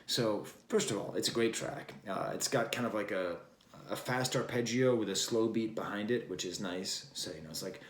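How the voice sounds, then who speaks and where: A man's voice: on the low side, moderate pace. A man hosting a casual album review, talking in a rambling, wry way and drifting between thoughts with plenty of fillers. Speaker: record review host. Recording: roomy echo.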